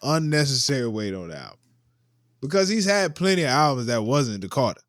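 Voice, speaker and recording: A male podcast host talking in a loose, slangy way, animated and full of restarts. His voice is mid-pitched and sounds dry and close, with no room echo. He is chatting casually about music. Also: fairly quick. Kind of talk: casual music review chat.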